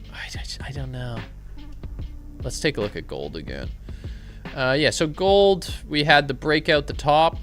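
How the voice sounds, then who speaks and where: Animated man joking on a live stream. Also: mid-range voice. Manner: joking, irreverent banter mixed with trade commentary. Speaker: live-stream trading host. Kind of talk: casual live-stream chat with chat replies.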